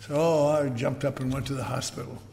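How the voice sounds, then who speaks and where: A man's voice: mid-range voice, flat delivery, fairly quick, vocal fry, darkish tone. An older man speaking at a recovery meeting, telling wry, rambling stories with asides to the crowd. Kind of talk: personal storytelling talk. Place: large meeting hall. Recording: echoey hall recording with faint noise.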